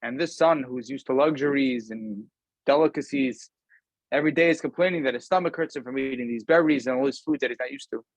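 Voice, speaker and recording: A man, a rabbi, giving a casual weekly Torah talk over a video call, speaking conversationally and often pausing with ums. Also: mid-range voice, no echo, poor audio. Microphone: video call camera.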